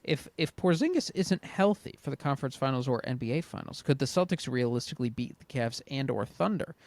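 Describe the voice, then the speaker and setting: A man co-hosting a relaxed sports podcast, reading out listener questions and cracking jokes. His voice sits in a middle range and is recorded close and dry, with no room around it. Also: mid-range voice, brisk, no echo. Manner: joking, reads listener questions aloud. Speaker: podcast co-host. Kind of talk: casual sports chat.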